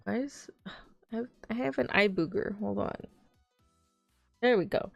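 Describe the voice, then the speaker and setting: A woman's voice: mid-range voice, normal speed, creaky, long pauses, dry recording, faint music behind. A woman in her twenties streaming, chatting casually with viewers and telling stories in a bubbly way. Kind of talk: casual livestream chat.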